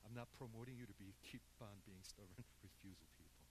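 A man preaching a sermon who swings between quiet, hushed murmurs and loud, emphatic outbursts, often checking in with his congregation. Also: lowish voice, fast, background noise. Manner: keeps checking in with the congregation with "okay?" and "people". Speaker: pastor.

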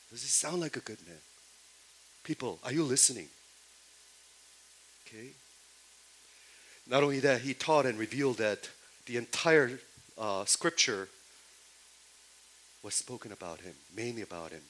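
A man preaching to a congregation, firing the same question at them again and again. His voice rises and swells whenever he quotes scripture, then drops back to a quieter level, with plain, repetitive phrasing. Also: medium pitch, unhurried, long pauses, low-quality recording. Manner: questions the audience again and again, rising loud on quoted lines. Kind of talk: sermon.

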